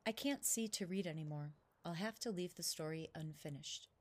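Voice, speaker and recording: A woman's voice: fairly low pitch, moderate pace, close to an everyday voice. A woman voicing a kindly, hopeful old man who tells stories, speaking with patient reassurance. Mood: gentle. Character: kindly old male storyteller, hopeful and gentle.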